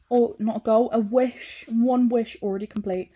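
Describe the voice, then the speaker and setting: A woman's voice: fairly high pitch, steady tone, normal speed, dark tone. A British woman talking casually in a home vlog, rambling with fillers as she shows her freshly painted room. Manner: chatty, rambling, with many fillers. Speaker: vlogger. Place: home being decorated.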